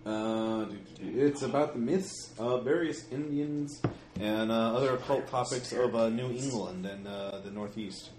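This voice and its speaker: A man runs a tabletop horror session in an echoey room, with a faint hiss under his voice. His pitch sits in the middle, and he narrates haltingly, filling the gaps with "uh"s and humming. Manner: hesitant, many fillers and hums. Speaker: game master.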